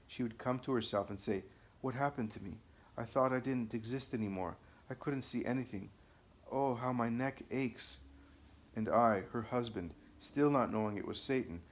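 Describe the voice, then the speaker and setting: A man narrating a first-person account as an audiobook, measured and deliberate. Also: lowish voice.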